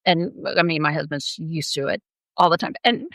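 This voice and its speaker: This podcast co-host, a middle-aged woman, is an animated storyteller who laughs a lot and performs the quotes in her casual anecdotes. She speaks in a low voice at a moderate pace, on a rough recording with no room sound.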